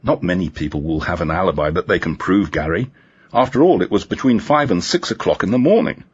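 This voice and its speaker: A man's voice: deep voice, animated, fairly quick, husky, muffled recording. A man voicing a dry, ironic female police detective inspector in a storybook reading. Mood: teasing.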